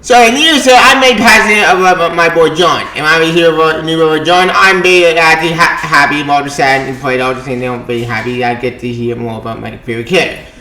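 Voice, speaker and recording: Bright-voiced man ranting in an echoey room. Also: fairly high pitch, fairly even intonation, quick pace. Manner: passionate, swears a lot, swings into angry shouting. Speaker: comics vlogger. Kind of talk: casual ranting commentary.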